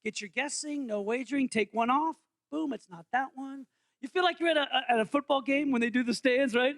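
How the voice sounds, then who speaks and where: A man's voice: extremely high pitch, a little fast, a bit bright. A male pastor giving a playful, interactive sermon in a church, quizzing the congregation. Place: church sanctuary.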